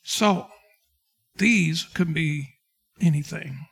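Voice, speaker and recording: Man pastor, high-pitched, preaching a sermon and acting out scripture scenes. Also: very slow, a bit bright, husky. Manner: preaching with King James quotes and dramatic retellings.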